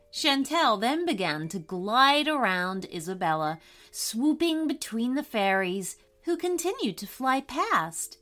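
A woman narrating a scripted children's story in a gentle, expressive way. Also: fairly high pitch, soft background music. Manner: gentle, slow and expressive reading.

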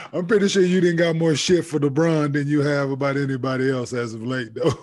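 A man's voice: on the high side, steady tone, normal speed, darkish tone. A man hosting a casual conversation, agreeable and laid-back, often laughing along. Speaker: podcast host. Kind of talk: casual chat.

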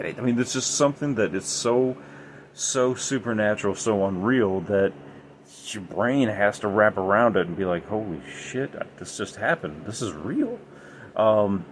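A man's voice: fairly low pitch, slight background noise. A man hosting a podcast, telling paranormal stories in a rambling, emphatic way with many fillers. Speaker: podcast host. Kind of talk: casual storytelling about the paranormal.

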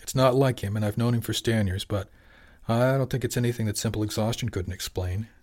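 A man's voice: fairly low pitch, brisk, a little mellow, close to an everyday voice. A man reading an audiobook, voicing an easygoing middle-aged fishing boat skipper in a plain, friendly way.

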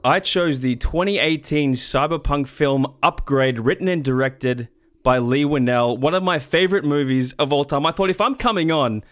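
A man's voice: on the high side, normal speed, a bit bright. An Australian man, the show's editor, chatting upbeat on a podcast. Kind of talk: casual podcast chat.

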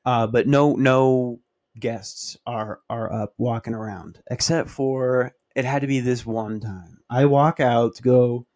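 A man's voice: mid-range voice, steady tone, slow, darkish tone. Profane rambling man on a podcast. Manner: profane, storytelling, self-mocking. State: dry mouth. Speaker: podcast host. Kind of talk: casual rambling monologue.

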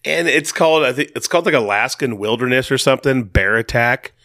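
A man's voice: medium pitch, fairly quick, pushed and bright, no echo, clean studio sound. A man co-hosting a casual podcast, talking in a laid-back way and telling stories with playful asides. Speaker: podcast co-host.

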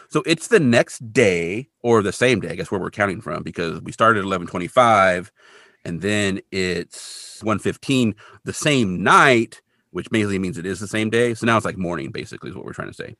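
Chatty guy recapping a tv episode, bouncy pitch, bright tone, dry close sound. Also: expressive, creaky, no room sound. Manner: chatty, retells scenes with quick playful character voices. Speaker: podcast co-host recapping an episode. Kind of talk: casual chat.

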